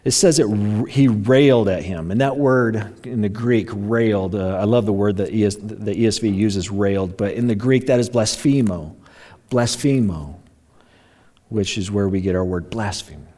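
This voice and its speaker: A man's voice: on the low side, normal speed, hardly any pauses, warm tone. A man preaching a sermon, telling the story dramatically and briefly voicing the mocking crowd and the criminals. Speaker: pastor.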